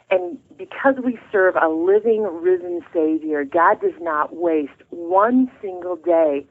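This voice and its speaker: A middle-aged woman, a guest author, telling her story of faith in an earnest, heartfelt way. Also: fairly low pitch. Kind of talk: faith testimony in an interview. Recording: tinny phone line.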